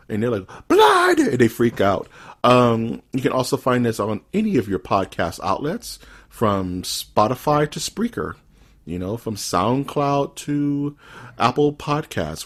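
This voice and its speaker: Husky-voiced podcast host, casual and joking. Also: male voice, lowish voice. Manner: upbeat, joking, plays up his lines. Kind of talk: casual chat.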